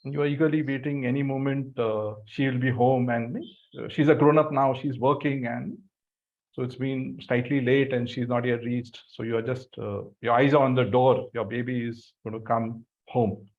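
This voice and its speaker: A man leading a group through a guided visualization exercise, giving slow breathing cues. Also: mid-range voice, fairly even intonation. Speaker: workshop facilitator. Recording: dull lo-fi sound.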